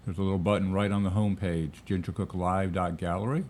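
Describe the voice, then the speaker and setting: A man's voice: low-pitched, fast talker, a little hiss or hum. A man co-hosting a live painting stream, chatting casually and reading out viewers' questions. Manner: relaxed, talking to viewers.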